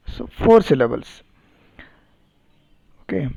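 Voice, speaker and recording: A man teaching a phonetics lesson, repeating words and spelling them out deliberately, and checking understanding with questions. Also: on the high side, darkish tone, highs cut off. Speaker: English teacher. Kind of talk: recorded phonetics lecture.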